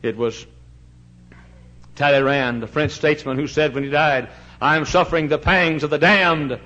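A man, a pastor, preaching a fiery sermon in a church, shouting one moment and dropping to a hush the next. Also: fairly high pitch, moderate pace. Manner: fiery preaching, swings from shouts to hushed tones. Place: church sanctuary. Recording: dull lo-fi recording.

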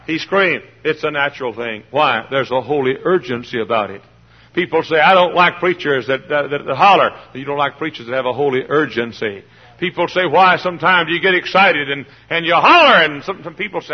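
A man's voice: fairly high pitch, expressive, moderate pace, slightly rough, lo-fi sound. A man preaching a sermon with passion, hollering, pounding the pulpit and mimicking voices.

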